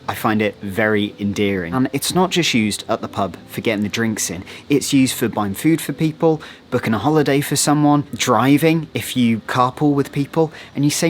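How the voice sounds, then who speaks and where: A British man in a casual explainer vlog, chatty and animated, acting out little quoted exchanges as he talks. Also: fairly low pitch. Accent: British English. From Britain. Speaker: vlogger. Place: outdoors, then moving inside.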